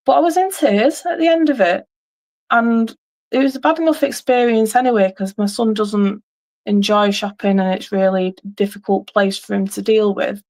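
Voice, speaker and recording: A woman's voice: mid-range voice, moderate pace, darkish tone. Rambling woman telling a story. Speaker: livestream host. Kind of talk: casual chat on a livestream.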